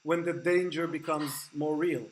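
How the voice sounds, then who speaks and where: A man's voice: a little high, steady tone, unhurried, low-quality recording. A man interviewing a rabbi, chiming in conversationally with his own points during a study discussion.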